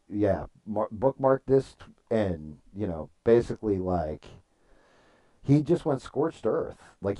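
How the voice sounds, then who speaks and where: A man with a lowish, warm voice chats casually on a livestream. He tells rambling stories, swears freely, and reads viewers' comments aloud as he answers them.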